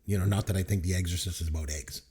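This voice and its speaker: A man's voice: sits low, steady tone, racing, dark tone. A Canadian man with a Canadian accent, co-hosting a podcast in casual chat, joking and laughing often. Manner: jokey, laughs often, tells dad jokes. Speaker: podcast co-host.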